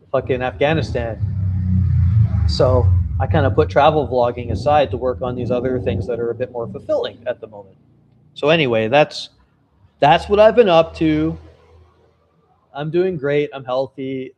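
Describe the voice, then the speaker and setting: A man's voice: medium pitch, moderate pace, pauses often, a little mellow, slight background noise. Chatty man giving a casual vlog update. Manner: chatty, candid, swears casually. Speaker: travel vlogger and novelist.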